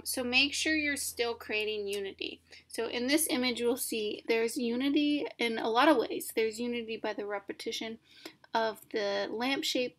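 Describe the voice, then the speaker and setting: A woman's voice: a little high, a bit bright. A woman giving a recorded art lesson, talking casually and correcting herself often with fillers. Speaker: art teacher.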